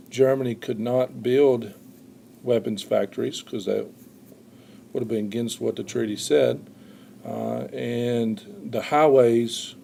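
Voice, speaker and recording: A man teaching a history lesson in an explaining tone, often pausing with "uh" and repeating words as he goes. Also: medium pitch, gravelly, mellow, a little hiss or hum. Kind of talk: recorded classroom lecture.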